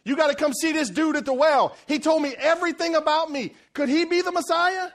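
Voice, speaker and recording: A man's voice: sits high, animated, quick pace, husky. A preacher playing a sassy Samaritan woman. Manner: casual, streetwise talk.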